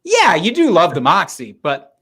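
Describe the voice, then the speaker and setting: A man's voice: high-pitched, moderate pace, breathy edge. A man co-hosting a podcast in casual chat over drinks, joking and swearing. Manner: animated, joking and profane. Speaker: podcast co-host.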